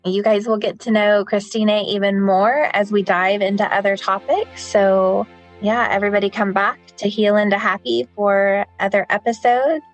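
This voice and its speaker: A woman's voice: mid-range voice, flat delivery, moderate pace, faint music behind. A woman hosting a spiritual wellness podcast, talking in a gushing, affirming way. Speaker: podcast host.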